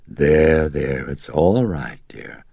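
A man voicing a calm male psychiatrist who speaks softly and soothingly in an audiobook reading. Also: very deep voice, takes it slowly, gravelly, breathy edge, no room sound, studio quality, exaggerated voice. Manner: soft, soothing, hushed. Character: calm, gentle male psychiatrist, middle-aged.

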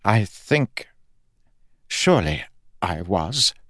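A man voicing a frail, fading male god who speaks in halting, pleading phrases. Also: low-pitched, sing-song, fairly bright tone, no room sound, clean studio sound, full character voice. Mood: wistful.

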